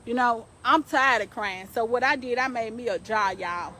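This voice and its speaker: A woman's voice: fairly high pitch, normal speed, sharp tone, slight background noise, low-quality recording. Fervent woman preaching to her viewers. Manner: emphatic, repetitive, preaching to viewers. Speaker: live-stream host. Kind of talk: preachy motivational live-stream talk.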